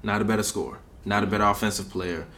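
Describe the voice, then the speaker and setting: A man's voice: lowish voice, fairly even intonation, fast, a crowd in the background. A man co-hosting a casual basketball podcast, blunt and argumentative. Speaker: podcast co-host.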